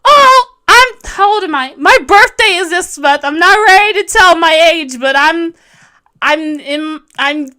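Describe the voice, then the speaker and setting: A woman's voice: very high-pitched, a little slow, bright, forceful tone. A woman in her thirties, a webcomic artist on a casual livestream, chatting bubbly and giggly, rambling and joking about herself while reading viewer comments. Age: 30s. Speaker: webcomic artist streaming a tutorial.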